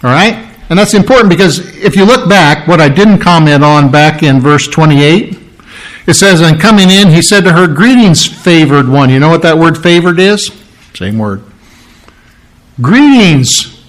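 A man preaching a sermon, explaining scripture earnestly and acting out the story with lively voices. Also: fairly high pitch, rough recording.

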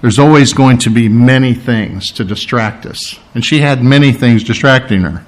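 Man, preacher, sermon, animated, acts out scenes, soft quiet passages, middle pitch. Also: normal speed. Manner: drops to a soft, quiet delivery for tender lines.

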